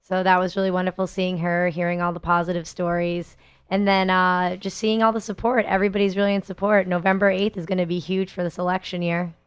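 A woman's voice: lowish voice, level tone, a little fast, clear, resonant tone, dry recording. A woman guest in a radio studio, describing events in an upbeat, enthusiastic way. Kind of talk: casual radio chat.

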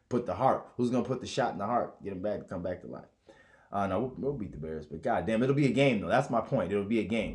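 A man's voice: fairly low pitch, warm tone. A man hosting a podcast in a casual, profane monologue, rambling and mocking others with put-on voices. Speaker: podcast host.

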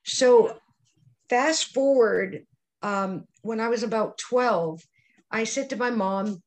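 An older woman, a guest on a podcast, telling childhood stories in an animated way and voicing the people in them. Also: fairly high pitch, slow pace. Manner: animated storyteller acting out quoted voices. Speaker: psychic medium guest. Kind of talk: storytelling interview answers.

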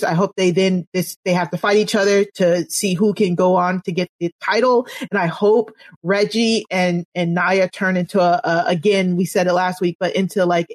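A woman's voice: fairly low pitch, dry recording. Chatty woman with a dry close sound. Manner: chatty, laughs often, frequent restarts. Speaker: podcast co-host. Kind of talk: casual wrestling podcast chat.

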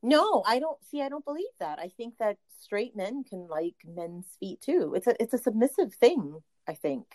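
A woman co-hosting a podcast in casual chat, lively and teasing, quick to giggle. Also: a little high, dry recording. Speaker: podcast co-host.

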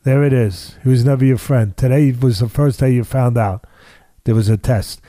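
A man's voice: medium pitch, normal speed, mellow, no room sound. An older man, a boxing trainer, telling a story in an interview with emphatic repetition and quoted voices.

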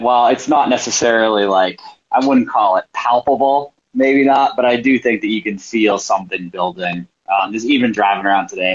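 A man's voice: fairly low pitch, lo-fi sound. A man co-hosting a casual live show, talking in a rambling, anecdotal way full of fillers. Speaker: soccer reporter co-hosting a live audio show. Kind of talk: casual match preview chat.

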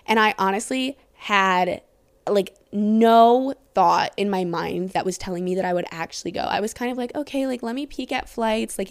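A young woman hosts a podcast late at night, sleep-deprived and rambling through a casual story time. Her voice sits at an ordinary middle pitch, and the recording is close and dry with no room sound. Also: no room sound. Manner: rambling, chatty, heavy use of "like". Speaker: podcast host.

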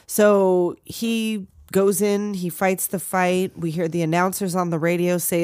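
A woman chats through a film scene by scene, cursing freely and acting out lines. Her voice sits a little low. The sound is dry and close. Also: level tone, unhurried, hardly any pauses, darkish tone, clean tone, no echo. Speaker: podcast co-host. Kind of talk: casual chat recapping a film.

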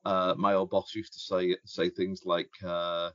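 Low-voiced man, dry close mic, halting talk, deadpan jokes on a podcast. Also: no room sound, highs cut off. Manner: halting, stammering, dry humour. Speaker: podcast co-host. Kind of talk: casual football podcast chat.

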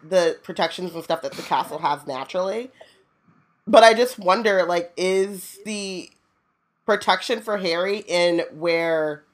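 Wry woman making quick interjections. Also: lowish voice. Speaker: podcast co-host. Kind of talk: casual book discussion.

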